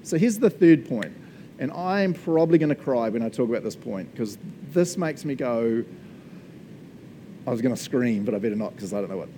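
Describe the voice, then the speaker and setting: Man, new zealand accent, animated sermon, laughs a lot, dark mellow voice, faint background rumble. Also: normal speed. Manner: animated, playful, laughs often, shouts for joy. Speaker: preacher. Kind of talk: lively sermon.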